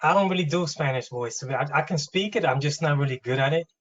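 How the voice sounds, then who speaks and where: Hesitant fast-talking man on a call. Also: on the high side. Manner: hesitant, unsure, restarts. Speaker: webinar participant. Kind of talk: casual conversation. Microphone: video call. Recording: dull lo-fi call audio.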